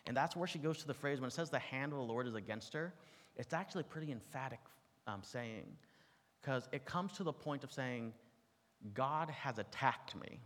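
A man's voice: mid-range voice, expressive, fairly quick. A man preaching a sermon to an audience, teaching in a conversational way with asides and touches of humor. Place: large room with an audience. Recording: long reverb from a large hall.

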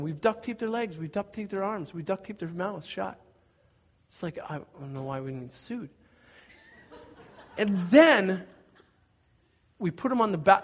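A man preaching, telling a story in an animated way and shouting out parts of it. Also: high voice, normal speed. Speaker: pastor. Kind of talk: sermon storytelling. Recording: dull lo-fi recording.

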